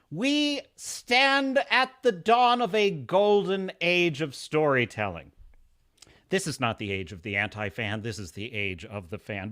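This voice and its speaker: Man, podcast host, lively pitch swings, bright forceful voice, excitable and gloating. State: over-caffeinated. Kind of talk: live podcast chat.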